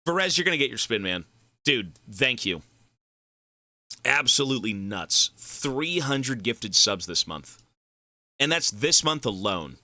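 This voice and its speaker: A male live streamer chatting casually and thanking donors, excitable and effusive, swearing freely. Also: medium pitch, no room sound.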